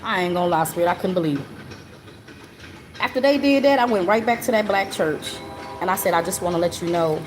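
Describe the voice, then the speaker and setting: A woman's voice: fairly low pitch, a little fast. A woman telling a personal story in a casual way, earnest and repetitive, often checking in with the listener. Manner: earnest and repetitive, often asks the listener "you know what I'm saying?". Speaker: live stream host. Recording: noticeable background noise.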